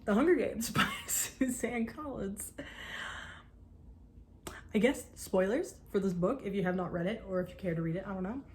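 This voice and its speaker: A young woman talking casually to camera about books she loves, gushing and animated, with the odd swear word. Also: medium pitch, normal speed, long pauses, background noise. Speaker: book vlogger. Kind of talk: casual chat.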